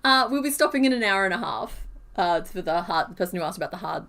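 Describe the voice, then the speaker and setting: A woman's voice: mid-range voice, expressive, fast, fairly bright tone. A woman chatting casually on a crochet live stream, counting stitches half under her breath and laughing easily. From Western Australia.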